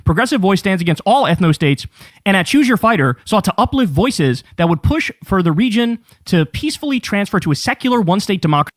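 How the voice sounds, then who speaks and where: A man rants at speed in a very high, lively voice, swearing freely and mocking his targets with sarcasm. The sound is close and dry, with no room around it. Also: fast, no room sound. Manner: profane, combative, sarcastic. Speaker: political commentator. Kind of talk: ranting political commentary.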